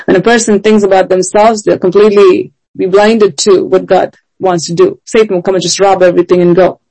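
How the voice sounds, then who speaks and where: A woman preaches in an earnest, emphatic manner and keeps pressing her listeners with rhetorical questions. Her voice is warm and mellow, at an everyday pitch for a woman. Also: level tone, fairly quick, low-quality recording. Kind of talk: sermon.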